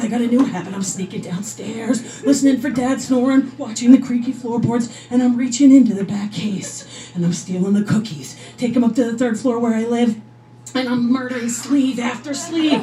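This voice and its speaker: A woman comedian tells her story with energetic, animated stand-up delivery. Her voice sits fairly high. It sounds a little back from the mic. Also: recorded from a distance.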